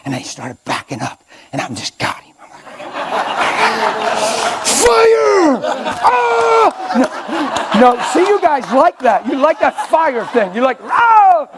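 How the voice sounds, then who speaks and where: An older man preaching a sermon in a church, conversational and animated with sudden loud outbursts. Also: very high-pitched, moderate pace, over a noisy crowd, very noisy.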